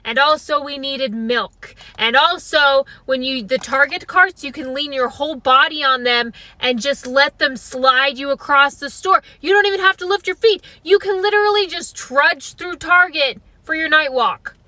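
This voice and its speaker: A young woman with a high, bright voice tells a funny personal story, wry and self-deprecating. She keeps the delivery close and dry, with no room sound around her. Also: moderate pace, few pauses, dry recording. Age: young adult. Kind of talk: comedic storytelling monologue.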